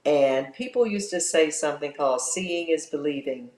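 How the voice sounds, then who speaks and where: A woman's voice: deep voice, moderate pace, darkish tone, echoey room. A woman guest, a singer, speaking effusively and from the heart in an interview. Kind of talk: casual interview chat.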